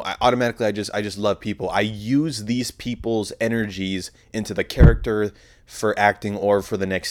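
Rambling, swearing young man. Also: on the low side. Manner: rambling and heavily profane. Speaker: podcast host. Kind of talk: casual solo monologue.

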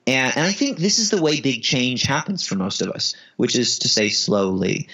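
A man's voice: medium pitch, sing-song, moderate pace, pushed and bright. A male podcast guest telling a reflective story in casual conversation. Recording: dull lo-fi audio.

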